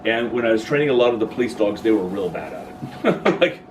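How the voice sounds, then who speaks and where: A man's voice: fairly low pitch, animated, fast talker. A man leading a dog-training workshop in an informal, jokey lecture, acting out quoted voices as he talks. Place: workshop room with listeners. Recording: distant voice with clear background noise.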